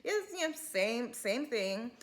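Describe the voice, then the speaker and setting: A woman's voice: on the high side, very animated, takes it slowly. A woman hosting a casual reality-TV recap, chatty and full of fillers, acting out what the people on the show said. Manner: chatty, acts out quotes. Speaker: TV recap host.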